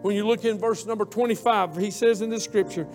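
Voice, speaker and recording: Male preacher, high-pitched, impassioned and repetitive delivery, faint music behind. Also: steady tone, a little fast. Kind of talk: sermon.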